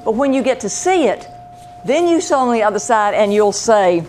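A woman who works as an animal medium, telling stories in a chatty, animated way and acting out the voices in them. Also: fairly high pitch, moderate pace. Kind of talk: casual storytelling talk.

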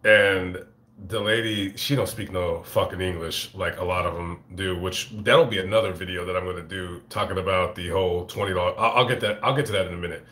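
A man with a fairly low voice tells a rambling, swear-filled story in a casual live-stream style. He is recorded on a phone inside a fast-food restaurant. The room is echoey. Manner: rambling, profane, animated retelling. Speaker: vlogger telling a story. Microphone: phone camera.

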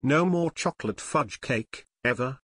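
A man's voice: mid-range voice, lively intonation, a little slow, fairly bright tone, no room sound. A man reading a stern older aunt. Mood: demanding. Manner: stern and demanding.

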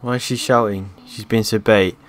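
A man's voice: fairly low pitch, steady tone, normal speed, a little hiss or hum. A young man playing a horror game, narrating his gameplay, jumpy and swearing and yelping at scares. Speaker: gaming YouTuber.

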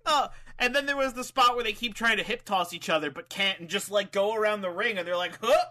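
Man, podcast co-host, bright eager voice, laughs a lot, casual chat. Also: high-pitched. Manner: excitable, laughs often, quick restarts. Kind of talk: casual chat recapping wrestling matches.

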